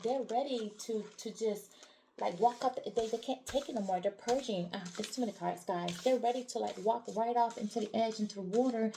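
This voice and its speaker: A woman gives a casual tarot reading, talking straight to her viewers and hammering her points home. Her voice is mellow and warm. A faint hiss sits under the recording. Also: a little high, vocal fry, poor audio. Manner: talks straight to viewers, emphatic and repetitive. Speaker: tarot reader.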